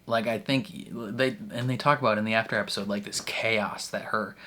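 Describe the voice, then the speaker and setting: A man's voice: fairly low pitch, fairly even intonation, moderate pace, pushed and bright, a little hiss or hum. Man rambling through a reaction video. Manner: rambling, filler-heavy with frequent "like" and restarts; laughs often while talking. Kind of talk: casual episode commentary.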